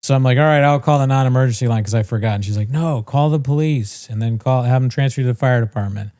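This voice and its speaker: A man's voice: mid-range voice, fast talker, warm tone. A man co-hosting a podcast, casually telling a long story, swearing freely and mimicking the people in it. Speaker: podcast co-host.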